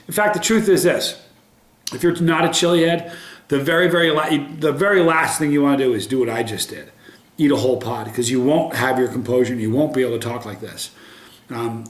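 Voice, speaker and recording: A man doing a casual pepper tasting review to camera, upbeat, with many ums and restarts. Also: mid-range voice. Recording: roomy echo.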